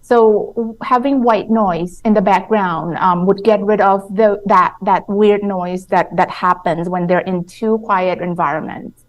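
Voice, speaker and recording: A woman sleep-specialist doctor, a guest on a radio talk show, explaining things in a measured way with frequent pauses and restarts. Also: medium pitch, fairly even intonation. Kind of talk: radio interview answers.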